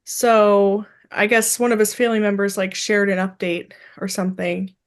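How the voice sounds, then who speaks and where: Speaking at normal speed with a medium-pitched voice, this young podcast co-host chats casually. She's an animated storyteller who brings the quotes in her tale to life by acting them out.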